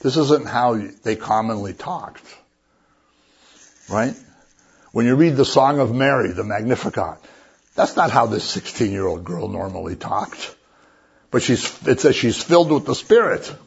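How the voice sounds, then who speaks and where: A man's voice: medium pitch, lively intonation, a little slow, vocal fry, pauses often, slightly rough. A man preaching a sermon as a pastor, conversational and joking as he retells the story. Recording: dull lo-fi recording.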